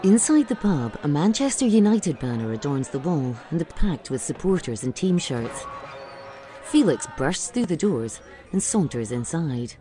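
A woman narrating audio description of a film in a steady, clear manner. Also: sits low, moderate pace, music in the background, a crowd in the background. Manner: steady, clear, scene-setting.

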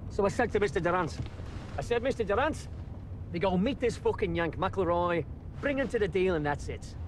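An actor playing a swaggering, foul-mouthed gangster, speaking inside a car. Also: male voice, sits high, animated, fairly quick, a little hiss or hum. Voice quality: coarse, swearing constantly. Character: brash, swaggering, profane Liverpool gangster man. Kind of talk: film dialogue.

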